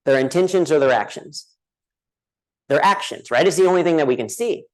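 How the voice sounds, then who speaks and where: A man's voice: fairly high pitch, expressive, brisk, poor audio. An American man giving a humorous keynote speech at a conference, telling a self-deprecating story to the audience and asking "right?" often. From United States. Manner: addresses a live audience directly. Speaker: conference speaker. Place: conference hall.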